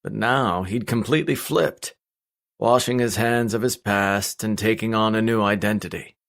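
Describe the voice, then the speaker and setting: Low-voiced man narrating an audiobook. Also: moderate pace, creaky, fairly bright tone. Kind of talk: first-person audiobook narration.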